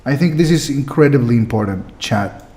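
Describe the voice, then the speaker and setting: Guy from south america streaming a game, reads lines out, jokes, laughs a lot, mid pitch. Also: expressive, normal speed, warm tone. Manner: playful, laughs often, reads game text aloud. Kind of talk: casual game stream commentary.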